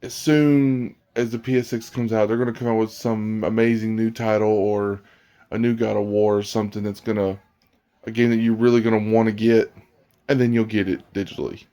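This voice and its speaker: A man's voice: on the low side, flat delivery, brisk, mellow. A man vlogging about games in a blunt, rambling casual rant, often restarting his sentences. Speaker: gaming vlogger.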